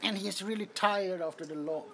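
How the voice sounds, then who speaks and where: A man's voice: high voice, a little fast, gravelly, fairly bright tone. A man with a Swedish accent hosting a casual livestream from an apartment, laughing often as he shows off kittens. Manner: giggly, amused, introducing kittens. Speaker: livestream host. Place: indoors, apartment.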